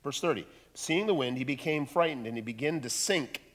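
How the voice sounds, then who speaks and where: A man preaching a sermon, dramatic, dropping to a hush and rising to loud bursts. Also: mid-range voice, lively intonation, a little fast. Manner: dramatic, swings from hushed to loud. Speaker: pastor. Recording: long hall reverb.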